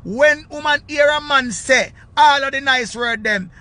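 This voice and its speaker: A Jamaican man giving loud, excitable commentary on his channel, often repeating his phrases. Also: very high voice, measured pace, dry recording. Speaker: vlogger. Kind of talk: casual commentary.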